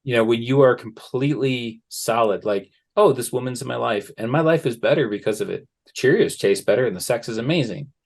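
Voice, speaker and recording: A man speaking as a guest in a conversational interview, at a mid-range pitch. He talks in a relaxed, storytelling way and slips into the voices of the people he describes. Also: a little fast, vocal fry, few pauses. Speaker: guest, men's work facilitator.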